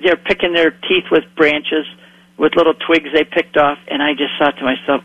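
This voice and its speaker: A man telling a lively story in a radio conversation, acting out the voices of the people he quotes. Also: fairly high pitch, normal speed, no room sound, dull audio. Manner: animated storyteller who acts out quoted voices. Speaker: guest speaker on Bible lands.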